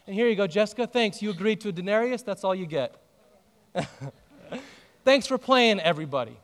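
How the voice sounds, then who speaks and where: A man's voice: high-pitched, lively intonation, a little fast, fairly bright tone. A man preaching a sermon as a pastor, telling the story with animation and joking with the congregation. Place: church auditorium. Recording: long reverb of a large hall.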